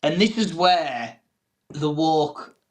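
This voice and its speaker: A comedian, his voice sitting a little high, tells a story on a panel show. He is animated and acts out the people in it. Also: slow pace. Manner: animated anecdote teller, acts out quoted voices. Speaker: comedian guest.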